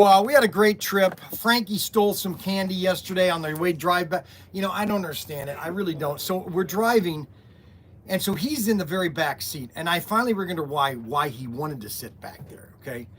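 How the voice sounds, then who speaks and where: Chatty high-voiced guy rambling on a stream. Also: a little hiss or hum. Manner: rambling, animated storytelling, joking. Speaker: host of a toy and hobby shop livestream. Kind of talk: casual livestream chat. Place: warehouse workspace.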